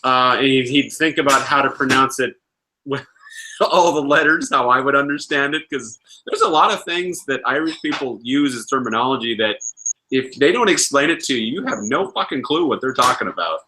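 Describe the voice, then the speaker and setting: A man hosts a casual livestream chat, spinning a loose, rambling anecdote. His voice is bright and forceful at an ordinary pitch, and he laughs and swears freely as he goes. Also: normal speed, low-quality recording. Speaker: livestream host.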